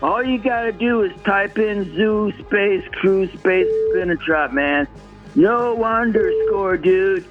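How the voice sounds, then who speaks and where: A man voicing a slow-talking stoner caller who ends every sentence with man or dude. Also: high voice, faint music behind. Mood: laid-back. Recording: muffled phone line.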